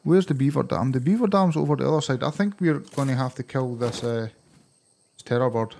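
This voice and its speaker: A Scottish man commentating his own gameplay in a gravelly, creaky voice. He talks to his viewers casually and keeps bursting into excited, surprised outcries. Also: mid-range voice, a little fast, a little hiss or hum. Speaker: gaming channel host. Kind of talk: let's play gameplay commentary.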